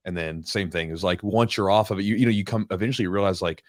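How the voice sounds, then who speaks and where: Man, very low voice, dry close sound, reflective podcast host, hesitant with fillers. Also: rapid-fire, dry recording. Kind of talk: casual podcast interview.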